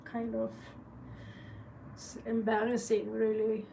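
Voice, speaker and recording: A woman with a Norwegian accent gives a casual live tarot reading, chatty and joking, with blunt swearing. She talks at a slow, drawn-out pace in a slightly high voice. She sits some way back from the mic, with a faint hiss of background noise. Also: completely flat delivery, gravelly, mellow, distant mic, low-quality recording. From Norway. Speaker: tarot reader.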